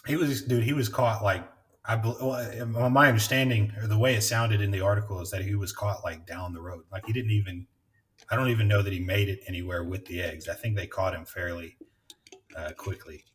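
A man's voice: fairly low pitch, fairly even intonation, fairly quick, far from the mic. A man hosting a podcast, chatting casually and rambling, swearing often and laughing. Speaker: podcast host. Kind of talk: casual chat.

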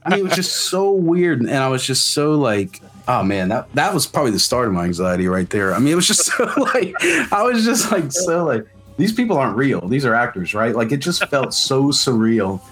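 This Southern man, a musician guest from South Mississippi, has a mid-range, sing-song voice with a fairly bright tone and a brisk pace. His casual storytelling rambles, packed with "like" fillers and free swearing.

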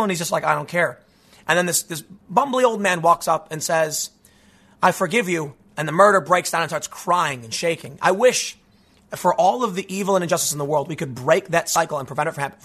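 A man giving a casual, animated commentary monologue, tossing in "dude" and "man" as he talks. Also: fairly high pitch. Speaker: political commentator.

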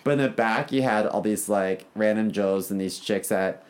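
Expressive young man in casual chat. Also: lowish voice, normal speed. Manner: expressive, mimics a bossy dance coach. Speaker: podcast co-host.

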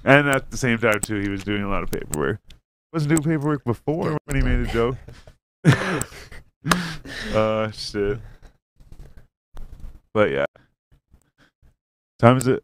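Dude rambling thru a story, cussing a lot, doing everybody's lines. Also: male voice, medium pitch, lively intonation, a little slow, pauses often, noisy background. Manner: rambling, profane, acts out quotes. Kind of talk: casual storytelling chat.

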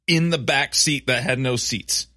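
A man's voice: mid-range voice, measured pace, pushed and bright, dry recording, studio quality. A man in his thirties telling a loose, profane, rambling story in casual conversation. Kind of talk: casual chat.

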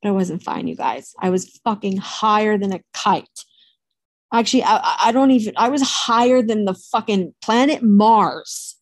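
A woman telling a personal story to camera in a candid, animated way, swearing freely. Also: medium pitch, moderate pace, dry recording.

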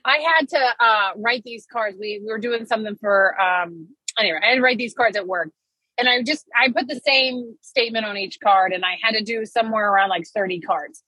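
A woman's voice: a little high, fairly quick, sharp tone, breathy edge, no room sound, low-quality recording. A woman in her forties co-hosting a podcast, chatting in a teasing, storytelling way. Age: 40s. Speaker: podcast co-host. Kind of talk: casual chat. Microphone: podcast microphone.

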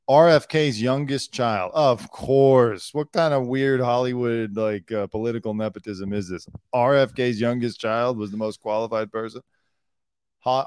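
A man's voice: medium pitch, no room sound, clean studio sound. A man co-hosting a comedy news podcast, chatting casually and acting out quotes. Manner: jokey, acts out quotes in put-on voices. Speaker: podcast co-host.

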